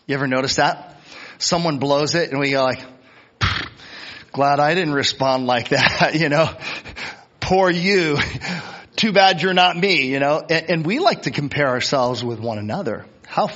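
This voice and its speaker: A man's voice: a little high, a bit bright, husky, muffled recording. A man preaching a sermon as pastor in a conversational way, repeating words and acting out quoted voices. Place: church.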